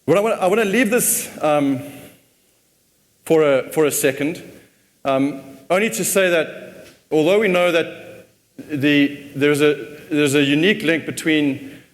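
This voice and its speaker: A man's voice: fairly high pitch, unhurried. A man giving a casual conference talk, often repeating words as he thinks. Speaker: conference speaker. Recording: long hall reverb.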